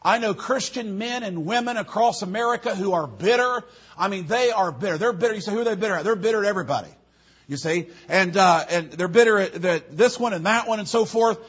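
A man delivers a sermon in a high, husky voice. He rambles into stories and circles back to repeat his key phrases. The recording sounds dull and lo-fi. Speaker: preacher.

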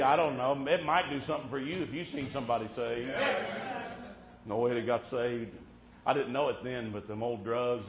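A man preaching a sermon in a folksy storytelling way, dotting his talk with amen and swinging between loud and hushed. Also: mid-range voice. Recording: muffled lo-fi with faint hiss.

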